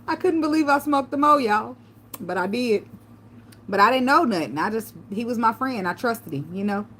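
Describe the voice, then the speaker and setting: A woman vlogger telling loose, profane stories in a relaxed chat, laughing often. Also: on the high side, normal speed, slight background noise. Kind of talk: casual livestream chat.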